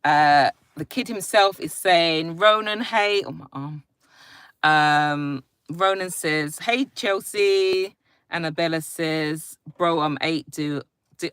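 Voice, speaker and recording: Lowish voiced mum chatting on her phone live, super dry close sound, greets everyone by name. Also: slow, clear, resonant tone, no room sound. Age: adult, a parent. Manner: chatty, warm greetings to each viewer, free-flowing. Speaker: live-stream host. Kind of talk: casual chat reading viewer comments. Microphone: phone live stream.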